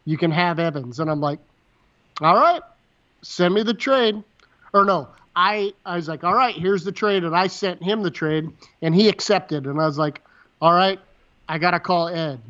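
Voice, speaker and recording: A man co-hosting a podcast, quickly retelling a story in casual chat, full of quoted dialogue and swearing. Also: a little high, sharp tone. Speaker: podcast co-host. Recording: dull lo-fi sound.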